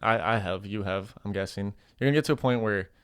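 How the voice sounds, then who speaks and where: A man's voice: lowish voice, fast talker, fairly bright tone, clean tone. A man in casual podcast conversation, earnestly giving advice. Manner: earnest, gives advice and life lessons. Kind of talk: casual chat.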